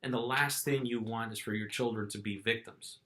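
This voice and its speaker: A middle-aged man talks straight to his viewers in a casual, storytelling vlog. His tone is bright and forceful at an ordinary pitch. He keeps the telling animated, restarting phrases and jumping into quoted voices. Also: a little fast. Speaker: vlogger.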